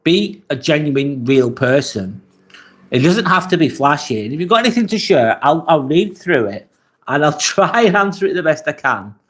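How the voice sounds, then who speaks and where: A man's voice: on the high side, sing-song, moderate pace, a bit bright. Candid English man live-streaming. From England. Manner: candid, swears casually, chuckles while reading chat. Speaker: livestream vlogger. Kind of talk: casual live-stream chat reading comments.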